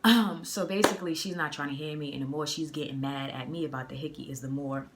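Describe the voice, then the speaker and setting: A young woman from the area, telling a personal story in a casual, slangy, animated way on a phone mic. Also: low-pitched, fast talker, heavy background noise. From Boston area. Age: young adult. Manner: animated, slangy, acts out the dialogue. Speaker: vlogger.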